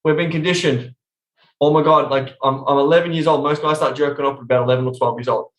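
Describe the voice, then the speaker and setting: A man speaking as a coach on a casual podcast interview over a remote call, blunt and animated, swearing constantly. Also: a little high, fast talker, roomy sound, low-quality recording.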